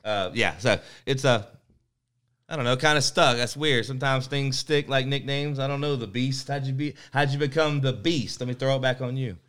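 A man's voice: mid-range voice, normal speed, a bit bright, clear, resonant tone. A man in his forties, a guest on a talk show, chatting in a laid-back way and trailing off with fillers. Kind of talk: casual chat.

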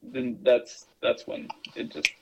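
A man's voice: mid-range voice, level tone, slow, pushed and bright, breathy edge, low-quality recording. A man co-hosting a podcast, telling long stories in a loose, rambling way with plenty of fillers. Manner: rambling, filler-heavy storytelling. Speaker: podcast co-host. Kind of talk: casual podcast chat.

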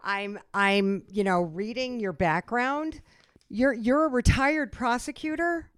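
A woman hosting a radio show interview in a lively, expressive way. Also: a little high, slow, clean tone, dry recording, clean studio sound. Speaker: host.

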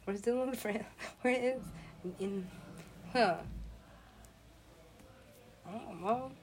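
A woman's voice: a little high, very slow, pauses often, a little mellow. Rambling, giggly woman with faint hiss. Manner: rambling, giggly, swears freely, acts out quoted voices. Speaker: parent. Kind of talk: rambling monologue.

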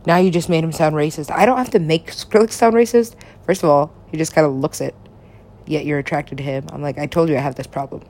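A woman talking in rambling casual chat, laughing often, swearing freely and swinging her pitch up and down. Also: brisk, a little mellow. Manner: rambling, frequent laughter, profane asides, big swings in pitch.

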